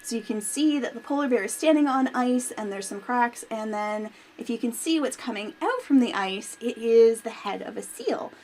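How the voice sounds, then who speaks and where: A woman's voice: fairly high pitch, animated, moderate pace, few pauses, darkish tone, a little hiss or hum. A woman working as a museum teacher, hosting a children's storytime and lesson in an upbeat, friendly way that speaks to kids directly.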